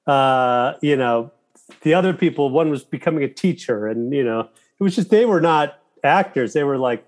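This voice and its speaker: A man talking as a guest in a casual interview, telling animated stories with profanity and quoting his own thoughts aloud. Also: fairly high pitch, normal speed. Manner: animated storytelling with profanity and quoted inner thoughts. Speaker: guest, filmmaker and actor.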